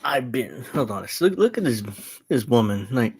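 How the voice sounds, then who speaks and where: A man's voice: mid-range voice, sing-song, moderate pace, darkish tone, husky, dry recording. A young man hosting his show, casually commenting on clips in a mocking, profane way and laughing often. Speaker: host.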